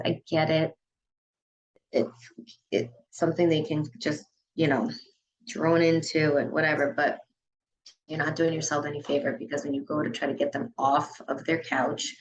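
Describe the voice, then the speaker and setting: A woman with a low-pitched voice talks casually as a podcast guest. She runs a dance studio and peppers her sentences with "you know" and "like" as she goes. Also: slight background noise, rough recording. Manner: chatty, frequent "you know" and "like" fillers.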